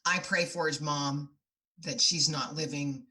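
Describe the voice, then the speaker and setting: Low, bright-voiced middle-aged woman. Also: fairly even intonation, measured pace. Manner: earnest, heartfelt storytelling. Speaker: podcast guest. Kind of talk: podcast interview.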